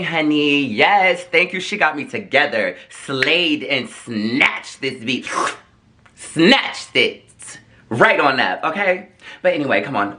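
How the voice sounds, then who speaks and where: Sassy, bright-voiced male storyteller. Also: mid-range voice. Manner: sassy, dramatic, chatty. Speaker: vlogger host. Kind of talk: casual storytime.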